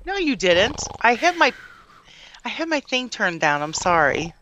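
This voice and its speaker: A woman chatting casually over a call, talking in a halting, chatty way. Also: fairly high pitch, sing-song, sharp tone, slight background noise. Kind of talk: casual chat.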